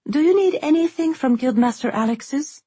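A woman voicing a calm, weary young woman who plans carefully, speaking in a measured, resigned way, in a storybook reading. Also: high-pitched, no room sound, pitched above the performer's own voice.

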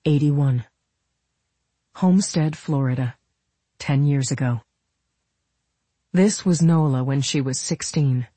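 A narrator reading an audiobook in steady scripted narration. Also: mid-range voice, slightly rough, no room sound. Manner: steady storytelling.

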